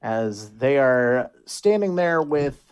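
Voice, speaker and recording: Serving as game master for a tabletop game, a man with a clear, resonant mid-range voice narrates scenes and asks for rolls. He's animated and makes quick restarts.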